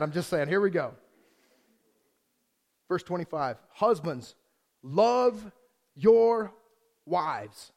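A man with a high voice preaches a sermon to his church. He is animated and playful, joking with the people in the pews between readings. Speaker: pastor.

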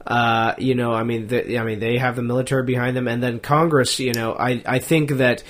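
A young man co-hosting a podcast, talking casually and haltingly, often restarting his thoughts. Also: mid-range voice, level tone. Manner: hesitant, halting, lots of fillers and restarts. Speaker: podcast co-host. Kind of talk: casual political chat.

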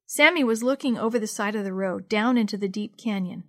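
A woman reading a children's storybook aloud in a clear, expressive scripted narration. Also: mid-range voice, brisk, few pauses, dry recording, studio quality.

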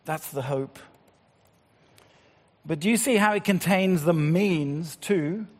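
A man preaching a sermon, swinging between loud appeals and hushed, slow passages. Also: a little high. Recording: long hall reverb.

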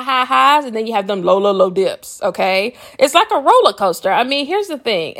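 A woman's voice: on the high side, vocal fry. Chatty woman podcast host. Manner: chatty, rambling, often asks listeners "okay?"; laughs often while talking. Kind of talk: casual spiritual self-help talk.

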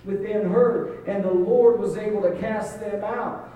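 A man's voice: high voice, fairly even intonation, measured pace, hardly any pauses, mellow. A man preaching a sermon, telling the story dramatically with a voice that rises and falls. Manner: dramatic storytelling, voice rising and falling. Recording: echoey hall, mic far off.

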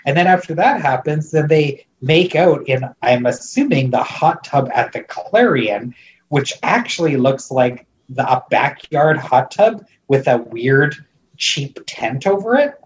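A man's voice: fairly high pitch, lively intonation, unhurried, lo-fi sound, a little hiss or hum. A man recapping a movie in casual chat, rambling with lots of fillers and restarts, amused and disbelieving. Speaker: podcast co-host recapping a movie.

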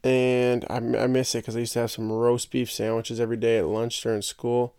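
A man's voice: mid-range voice, flat delivery, a little fast, warm tone, clear, resonant tone, no echo, clean studio sound. A young man hosting a podcast, rambling and joking in casual solo chat and tripping over his own words. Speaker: podcast host.

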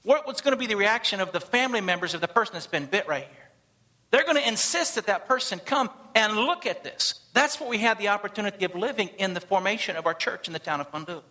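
A man preaching a sermon to a church congregation, telling stories and acting out the people in them with animated delivery. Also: high voice, fast. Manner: animated, acts out quoted voices. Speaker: missionary pastor. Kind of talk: sermon storytelling. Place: church service.

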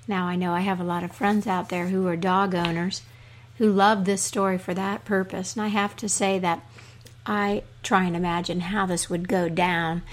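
Slow, measured woman storyteller. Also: on the low side. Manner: slow, measured, soft delivery. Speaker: storyteller and podcast host. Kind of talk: storytelling podcast.

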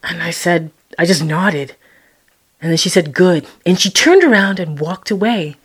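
A woman telling a personal story, expressive and acting out her own quoted words with sudden jumps in pitch and loudness. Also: measured pace, slightly rough. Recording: roomy echo.

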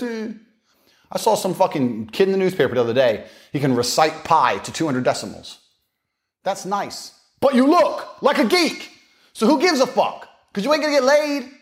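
A man's voice: high-pitched, sing-song, moderate pace. A man giving a boastful, mocking monologue, swaggering and profane. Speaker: podcast speaker.

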